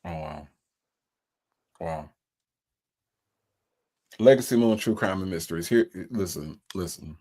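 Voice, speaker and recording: A man hosting a casual livestream panel on a video call, animated and full of exclamations. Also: deep voice, slow, pauses often. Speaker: host.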